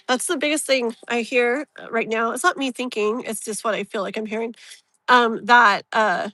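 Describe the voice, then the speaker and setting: A woman with a bright, forward voice that sits a little high. She hosts a live tarot reading in a loose, rambling way, full of fillers and open feeling. The sound is dry and close. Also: fairly even intonation, normal speed, no room sound. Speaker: tarot reader, live stream host.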